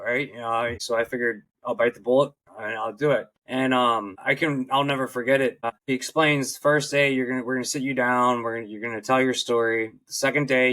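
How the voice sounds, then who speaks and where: A man's voice: mid-range voice, fairly bright tone, dry recording, low-quality recording. A man who served as a first responder, a podcast guest, speaking candidly and bluntly, with a lot of restarts. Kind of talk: conversational podcast storytelling.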